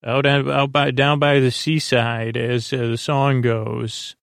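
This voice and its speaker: A man's voice: medium pitch, flat delivery, slow pace, vocal fry, clean tone, no room sound, studio quality. A man hosting a podcast, recapping an episode in a casual, rambling way with many fillers and self-corrections. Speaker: podcast host.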